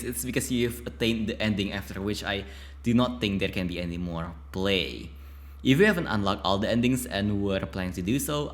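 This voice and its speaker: Male game host, reads text aloud then reacts; bright, forceful tone, lots of casual fillers. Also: fairly low pitch. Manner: excitable, chatty, many filler likes and restarts.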